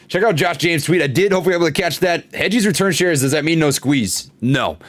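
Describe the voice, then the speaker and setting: A man hosting a casual stock market livestream, chatting with viewers and reading their comments, animated, with plenty of fillers and repeats. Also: on the high side, quick pace, hardly any pauses, no echo. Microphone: desktop studio microphone.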